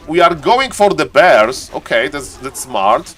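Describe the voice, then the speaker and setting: Excitable streamer man casting a game. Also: a little high, measured pace. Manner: excitable, talks to chat, keeps saying "ladies and gentlemen"; non-native English, stumbles over words. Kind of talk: live game commentary.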